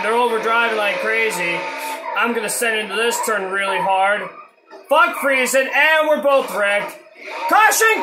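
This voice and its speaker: A man giving live commentary over his own racing gameplay, frustrated, swearing and often shouting. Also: high-pitched, very noisy.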